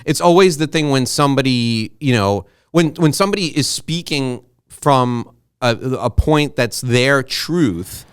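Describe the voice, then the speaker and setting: A middle-aged man hosts a casual interview, his voice smooth and resonant, recorded close and dry. He talks in long, rambling stretches full of asides and restarts, openly emotional. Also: mid-range voice, expressive, unhurried, no room sound. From United States. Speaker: podcast host and interviewer.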